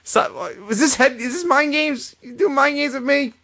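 Guy doing a brash wrestler taunting his rival, pitched way up, swearing and mocking. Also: moderate pace, bright, forceful tone, full character voice.

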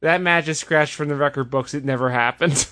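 A man hosting a casual podcast, recapping events in an animated, sarcastic way. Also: fairly high pitch, a little fast. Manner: animated, sarcastic retelling with put-on voices. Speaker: podcast host. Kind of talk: casual wrestling recap chat.

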